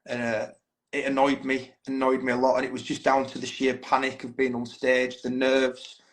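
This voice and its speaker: A man's voice: mid-range voice, monotone, moderate pace, low-quality recording. A man, a band's frontman, talking candidly and swearing freely as a guest in a casual podcast interview. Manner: chatty, candid storytelling, swears freely, says "mate" a lot.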